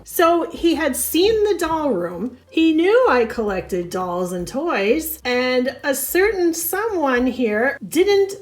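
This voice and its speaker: A woman hosting her doll-collecting channel, telling a personal story in a chatty, animated way. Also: sits high. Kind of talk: storytelling vlog.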